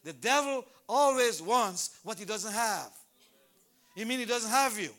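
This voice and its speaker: Male preacher, high and bright, animated, shouts exhortations at a church service. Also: unhurried. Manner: animated, repeats names, bursts into shouts. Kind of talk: sermon.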